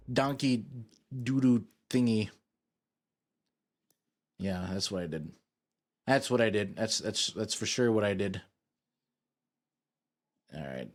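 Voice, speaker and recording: A young man chatting casually to his live-stream audience, goofy and rambling while he fiddles with his setup. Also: medium pitch.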